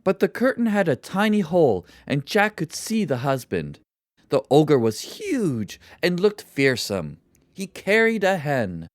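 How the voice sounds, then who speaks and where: A narrator reading a children's story for English learners in a slow, deliberate and expressive way. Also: mid-range voice, dry recording, clean studio sound.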